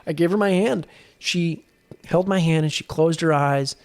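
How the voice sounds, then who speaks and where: A man's voice: on the high side, moderate pace. Earnest man telling stories on a podcast. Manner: earnest storytelling with frequent restarts. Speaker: guest, exorcist. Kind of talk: casual podcast conversation.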